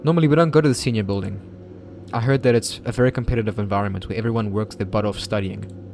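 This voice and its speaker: A man voicing a shy, nervous teenage schoolboy in a horror game, speaking hesitantly with stammers in a plain, middle-pitched voice. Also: fast talker, darkish tone, slight background noise, natural voice. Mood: uneasy. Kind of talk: reading game dialogue aloud.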